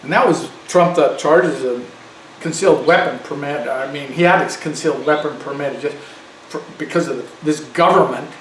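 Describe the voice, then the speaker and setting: A man delivering an angry, loud and emphatic political rant as a commentator. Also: fairly high pitch, moderate pace, roomy sound, distant mic, slight background noise, low-quality recording.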